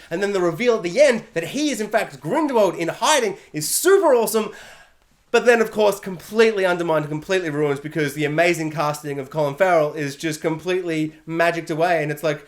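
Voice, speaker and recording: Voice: medium pitch, brisk. A film reviewer talking through a spoiler review in a rambling, chatty way, often breaking into silly voices to act out scenes. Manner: animated, acts out scenes in silly quoted voices; rambling, chatty, many fillers. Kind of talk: casual spoiler review monologue.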